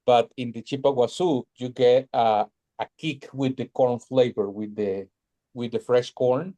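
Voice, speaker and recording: A man speaks on a video call in a mellow voice. The sound is dry and close. He weighs his words, leaning on fillers as he explains. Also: medium pitch, fairly even intonation, a little slow, dry recording. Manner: thoughtful, uses fillers like "like" and "uh". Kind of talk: casual video call chat.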